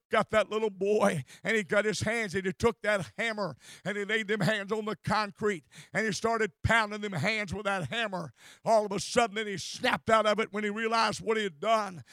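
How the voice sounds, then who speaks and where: Man preaching a sermon, very high and smooth voice, fervent and insistent, repeating and restarting words as he goes. Dry close sound with no room echo. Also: a bit bright.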